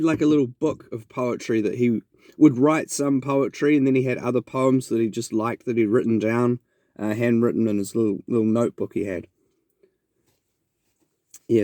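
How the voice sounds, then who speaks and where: A man's voice: mid-range voice, moderate pace, mellow, no echo. A man with a New Zealand accent, hosting a podcast and telling a rambling, reflective story in a casual monologue. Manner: rambling and reflective, with many restarts. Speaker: podcast host.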